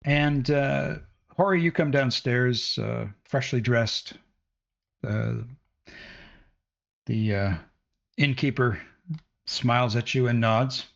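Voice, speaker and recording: A man narrating as game master of a tabletop game, with many fillers and pauses. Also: medium pitch, creaky, a bit bright. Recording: dull lo-fi audio.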